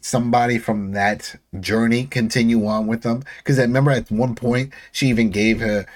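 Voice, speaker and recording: A man recapping a TV episode in a casual chat. His voice sits at an ordinary middle pitch. He rambles loosely and jumps into quick acted-out lines from the characters. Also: fairly even intonation. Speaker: podcast co-host.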